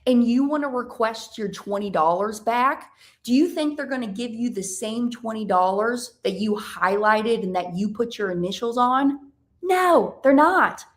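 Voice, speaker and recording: Emphatic American woman podcast host. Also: a little high. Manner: emphatic, animated, drawn-out stressed words, rhetorical questions. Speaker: podcast host, financial educator. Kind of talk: educational podcast monologue.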